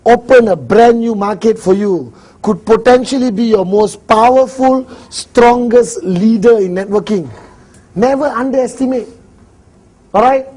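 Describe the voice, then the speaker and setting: A man with a Malaysian English accent training a seminar audience on prospecting, talking in an animated, joking way and acting out small dialogues. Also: very high voice, husky. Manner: animated, jokey, acts out little dialogues. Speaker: network marketing trainer. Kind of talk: live seminar talk.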